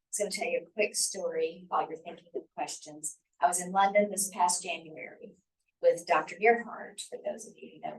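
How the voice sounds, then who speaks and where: A middle-aged woman from Mississippi, telling stories in a chatty, animated way while she leads a study-abroad information session. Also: sits low, recorded from a distance, low-quality recording. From Mississippi, USA. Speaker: faculty trip leader.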